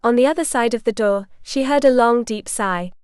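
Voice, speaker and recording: Woman, audiobook narration, measured, fairly high voice, smooth, dry close sound. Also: darkish tone, no room sound. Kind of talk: scripted narration.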